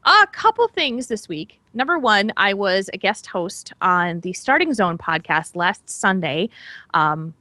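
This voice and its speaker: A woman's voice: medium pitch, very animated, unhurried, pushed and bright, no room sound. A woman co-hosting a podcast in casual chat, talking with gushing enthusiasm. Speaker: podcast co-host.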